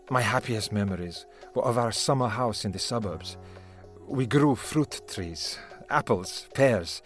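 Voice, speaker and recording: A man reading a heartfelt first-person story as scripted narration, with an emotional manner. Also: mid-range voice. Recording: narration over music.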